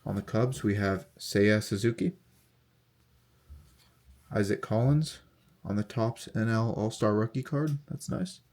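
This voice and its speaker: A young man casually talking through a card unboxing, reading off player names in a steady, relaxed list. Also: lowish voice, unhurried, long pauses. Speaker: card collector unboxing host.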